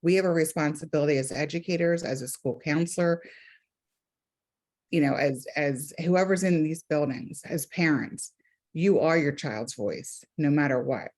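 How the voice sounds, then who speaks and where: A woman's voice: low-pitched, moderate pace, darkish tone. Earnest woman counselor on a video call. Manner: earnest, emphatic, speaks in repeated phrases. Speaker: counselor and therapist. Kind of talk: casual group video call.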